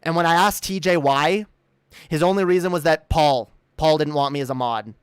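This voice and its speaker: A woman's voice: deep voice, normal speed, clear, resonant tone, no echo, studio quality. A woman ranting in a commentary video, stammering and repeating words, swearing and indignant. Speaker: commentary streamer. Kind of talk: heated commentary rant.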